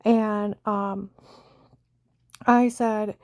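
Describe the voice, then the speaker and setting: A woman's voice: medium pitch, level tone, drawn-out words, darkish tone, dry recording. An older woman rambling through a personal story, retelling old conversations with many repeats of "I said". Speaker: vlogger telling a personal story.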